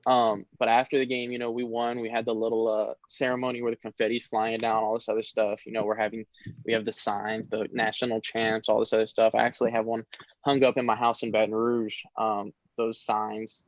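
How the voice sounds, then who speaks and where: A young man, a college football player, talking casually in an interview, relaxed and rambling with many fillers. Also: on the low side, brisk, dry recording. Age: young adult. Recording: dull lo-fi sound.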